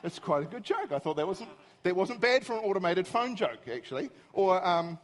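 A middle-aged man giving a humorous, self-mocking storytelling talk to an audience, animated and easily exasperated. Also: sits high, fairly quick. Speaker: speaker.

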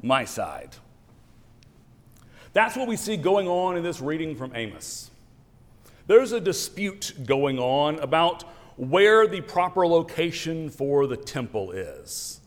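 A man giving a sermon as pastor, telling an animated story with wry asides. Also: on the high side, measured pace. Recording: long church reverb.

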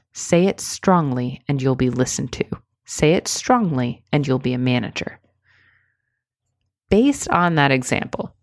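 A woman coaching would-be managers, talking straight to the listener in an emphatic, quick way, with small laughs at herself. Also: deep voice, no room sound, clean studio sound. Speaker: career coach. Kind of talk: direct-to-camera career advice.

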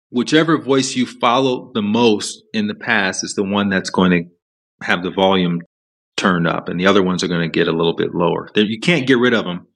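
A man speaking as a podcast guest, explaining ideas in an earnest, steady, reflective way. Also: on the low side, vocal fry. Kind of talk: reflective interview talk.

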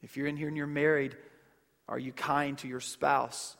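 A man's voice: mid-range voice, little pitch movement, normal speed, gravelly, a bit bright, big-room sound. A man in his thirties preaching a sermon as a pastor, in a conversational style with stories and rhetorical questions to the congregation. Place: church sanctuary.

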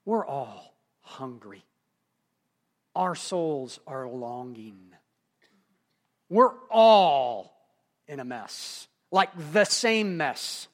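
A male pastor preaching a sermon, swinging between hushed, quiet moments and emphatic, rising passages. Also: mid-range voice, lively intonation, very slow, long pauses.

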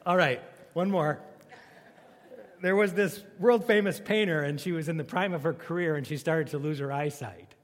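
A man's voice: fairly high pitch, normal speed, in a large hall. A man preaching a sermon as a pastor, in a joking, conversational way.

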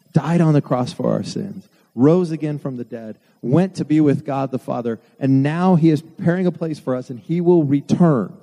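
A man's voice: a little high, mellow. A man preaching a sermon to his church, earnest with self-deprecating asides. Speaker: pastor. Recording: long hall reverb.

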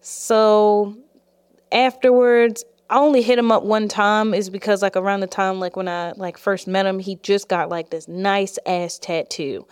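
A woman's voice: medium pitch, fairly even intonation, measured pace, smooth. A woman hosting a podcast, telling a personal story in a frank, chatty way with lots of "like" and "you know". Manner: laughs often while telling the story. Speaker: podcast host.

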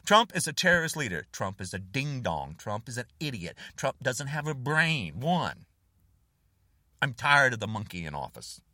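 A man's voice: medium pitch, very animated, moderate pace, sharp tone, no echo, studio quality, far from the mic. An older American man delivering an angry, repetitive rant straight to camera, hammering short phrases and insults. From United States. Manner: furious, repetitive, name-calling, jabbing phrases. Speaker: online video host.

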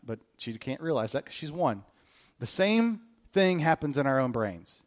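A man's voice: mid-range voice, expressive, moderate pace, long pauses. A man preaching a conversational sermon to his congregation in church, earnest and direct, repeating his key questions. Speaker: pastor. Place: church service before a congregation.

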